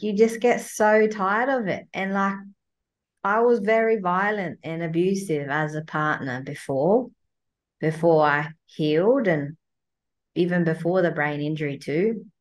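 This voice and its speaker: A woman, a guest coach, talking bluntly and swearing freely as she acts out her inner voice in a casual chat. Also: medium pitch.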